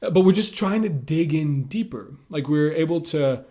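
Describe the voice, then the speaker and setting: A man's voice: on the high side, expressive, normal speed, warm tone. A man giving casual advice on conversation skills, talking loosely with lots of filler words. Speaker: communication tips creator. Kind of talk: casual instructional talk to camera.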